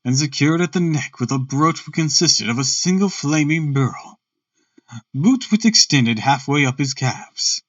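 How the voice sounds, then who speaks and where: A man's voice: on the high side, animated, measured pace, no room sound, recorded from a distance, dull audio. A man reading a classic story aloud on stream, breaking off for casual, chatty asides and joking about his own misreadings.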